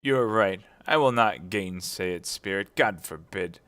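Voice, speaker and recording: A man's voice: low-pitched, lively intonation, measured pace, a bit bright. A man voicing an old miser recalling his past in a near-natural voice. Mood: wistful. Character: old male miser, moved and nostalgic.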